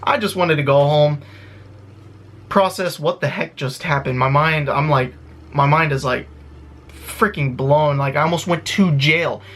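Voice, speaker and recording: Excited young-sounding man retelling a story. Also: fairly high pitch, slight background noise. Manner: excited, rushed retelling with many fillers and restarts. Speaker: vlogger. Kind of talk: casual storytelling to camera.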